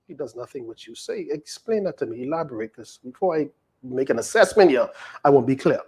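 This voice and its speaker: A Bahamian man preaches with emphatic force and keeps asking rhetorical questions. His pitch swings widely, rising and falling as he drives each point home. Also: animated, brisk, darkish tone, husky. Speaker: pastor. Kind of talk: sermon.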